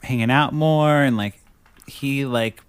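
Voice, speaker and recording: A man hosting a casual podcast, recapping a movie with animated storytelling and quick character impressions. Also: medium pitch, smooth, no echo. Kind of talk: casual chat.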